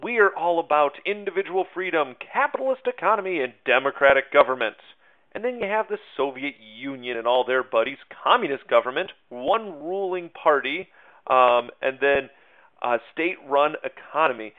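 A man's voice: on the high side, lively intonation, moderate pace. A man giving a casual history lesson, chatty and self-mocking, with lots of fillers and asides. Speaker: teacher. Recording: tinny phone-like sound.

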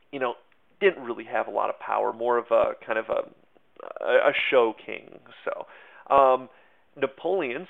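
A man's voice: mid-range voice, gravelly. A man teaching history in a loose, conversational way, full of fillers and hedges. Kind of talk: casual history lesson. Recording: tinny phone-like sound.

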